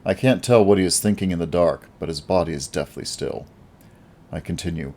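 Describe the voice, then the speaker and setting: A man narrating a first-person action audiobook in a wry, lively storytelling manner. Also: low voice, a little fast.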